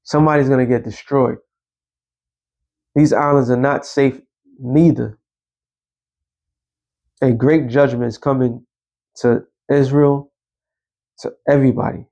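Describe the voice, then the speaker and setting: A man's voice: medium pitch, fairly even intonation, a little slow, long pauses, warm tone, lo-fi sound. A man giving a blunt, scolding religious commentary and quoting scripture. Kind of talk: preaching commentary.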